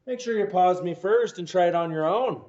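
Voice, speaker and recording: A man's voice: high-pitched, normal speed, darkish tone. A man teaching a math homework lesson, walking through problems step by step, quizzing the listener and adding playful jokes. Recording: echoey, dull lo-fi recording.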